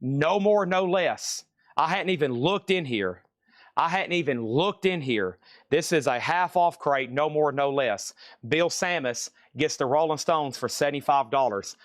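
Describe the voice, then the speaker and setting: A man's voice: fairly high pitch, animated, a little slow, no room sound, clean studio sound. A man hosting a live-streamed record auction, joking around and repeating items and prices. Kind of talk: live-stream sales patter.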